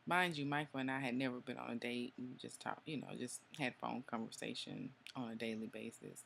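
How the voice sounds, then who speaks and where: Woman, about forty, vlogging; gravelly, chatty, confiding, lots of ums. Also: extremely low pitch, fairly even intonation, brisk, fairly bright tone, a little hiss or hum. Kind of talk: casual personal storytelling.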